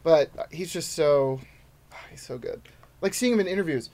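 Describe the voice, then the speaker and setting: A man's voice: fairly high pitch, lively intonation, moderate pace, a little mellow. Chatty man from New York. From New York City. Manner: rambling, acts out quotes in voices. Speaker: guest comedian. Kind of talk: casual podcast chat.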